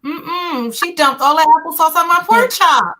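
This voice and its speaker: Woman, thirties, animated chat host, high-pitched and bright. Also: normal speed. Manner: animated storyteller, acts out her own reactions. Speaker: podcast host. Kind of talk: casual storytelling chat.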